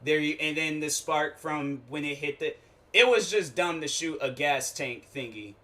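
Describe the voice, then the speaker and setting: Bright-voiced man riffing casually. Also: on the high side, moderate pace. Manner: rambling, animated storytelling with frequent restarts; slangy, informal talk. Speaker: show host. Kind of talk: casual comedic monologue.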